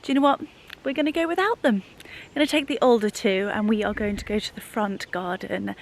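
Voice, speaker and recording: A British woman giving a casual garden tour as a vlogger, gushing and often dropping to a soft whisper, outdoors. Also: mid-range voice, fairly quick. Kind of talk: casual vlog narration.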